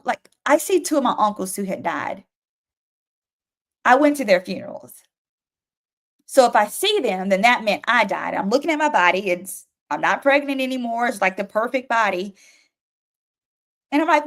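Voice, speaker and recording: A woman's voice: mid-range voice, lively intonation, normal speed, long pauses. A young adult woman giving an emotional personal testimony as a talk show guest, acting out frantic voices and pleas as she tells it. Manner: emotional, vivid storytelling with acted-out pleas. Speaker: guest telling her story.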